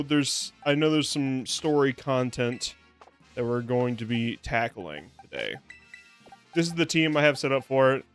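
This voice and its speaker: A hoarse young man chatting casually while streaming a video game, rambling, joking at himself and laughing often. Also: a little high. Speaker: VTuber streamer. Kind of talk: casual gameplay stream chat.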